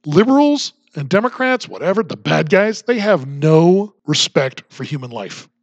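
A man's voice: fairly high pitch, very animated, moderate pace, no room sound, highs cut off. A man hosting a political commentary podcast, talking in an emphatic, combative and sarcastic manner. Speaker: podcast host.

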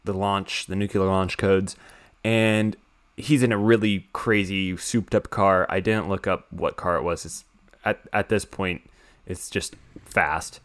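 Excitable rambling young man recapping. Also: low voice, a little slow. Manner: rambling, excitable, swears freely. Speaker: podcast co-host recapping a film. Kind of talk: casual chat.

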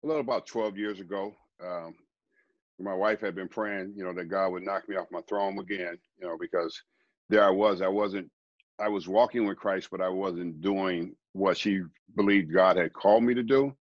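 A middle-aged man, a guest preacher, telling his life story in a rambling, quiet way, often repeating words. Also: low-pitched, steady tone, moderate pace, no echo, dull audio. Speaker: guest, former baseball player turned preacher. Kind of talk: conversational storytelling.

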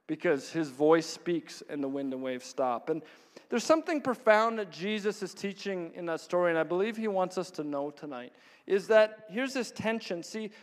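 A man preaching a sermon, telling stories with frequent chuckles and acting out the voices of others. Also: high voice. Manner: storytelling, chuckles often, plays out voices of others. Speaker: pastor. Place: church hall. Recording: long hall reverb.

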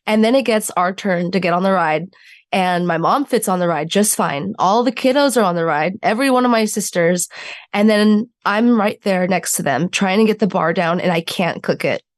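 A woman's voice: medium pitch, moderate pace, no room sound, studio quality. A woman in her twenties, a podcast guest telling her story candidly and acting out the voices of people in it. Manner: animated storyteller acting out quotes.

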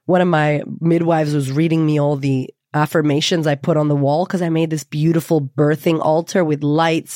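A woman's voice: low-pitched, normal speed, few pauses, no room sound, studio quality. Candid, swearing woman telling a story. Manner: candid, swears freely, lively retelling. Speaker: podcast host. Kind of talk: personal storytelling.

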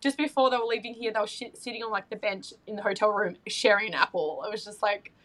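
A woman's voice: mid-range voice, fast talker, a bit bright, low-quality recording. A woman, chatting as a podcast guest, gushing and emotional, with many restarts and fillers. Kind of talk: casual chat.

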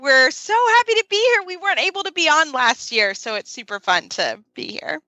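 A woman's voice: sits high, big pitch swings, a little fast, pushed and bright, no echo, lo-fi sound. A woman guesting on a radio show, bubbly and chatty. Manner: bubbly, laughs often. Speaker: guest, dressage show host. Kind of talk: casual radio conversation.

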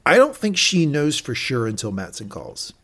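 A man's voice: mid-range voice, normal speed. A man co-hosting a podcast, recapping an episode in casual chat and acting out lines from it. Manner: animated, acts out quotes from the show. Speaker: podcast co-host.

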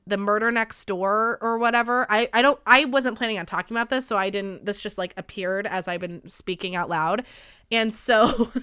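A woman's voice: medium pitch, pushed and bright, clean tone. A woman in her late twenties hosting a podcast in casual chat, gossipy, rambling and swearing freely, her voice stuffy and nasal from a cold. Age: late 20s. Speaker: podcast host.

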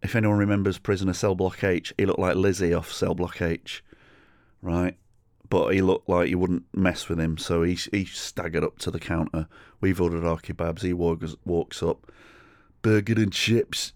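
A man with an English accent hosting a solo comedy podcast, telling a story in a sweary, chatty, animated way. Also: deep voice, normal speed, no echo, studio quality. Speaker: podcast host.

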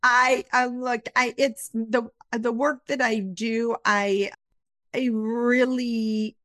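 A woman's voice: a little high, fairly even intonation, slow, a bit bright, dry recording. Earnest woman guest explaining her work. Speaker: guest, psychic medium. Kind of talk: casual interview talk.

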